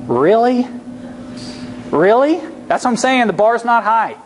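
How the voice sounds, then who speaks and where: Man, high voice, energetic speaker, humorous motivational talk, repeats for emphasis. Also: a little slow, slight background noise. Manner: energetic, acts out quoted voices, emphatic repetition. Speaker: guest speaker on job interviews. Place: lecture hall.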